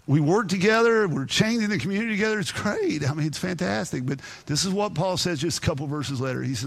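A man preaching a sermon as pastor, emphatic, with sudden loud peaks and quieter, earnest stretches. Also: high voice, expressive, fast talker, gravelly, hardly any pauses. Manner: emphatic preaching, rising to near shouts then dropping to quiet earnest talk.

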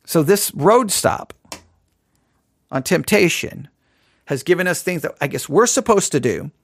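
A man with a slightly raised pitch talks through a casual Christian podcast. He rambles and stumbles over restarts, often poking fun at himself. The sound is dry and close, with no room around it. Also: animated, unhurried, slightly rough, no echo. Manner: rambling, self-deprecating, with many restarts. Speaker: podcast host.

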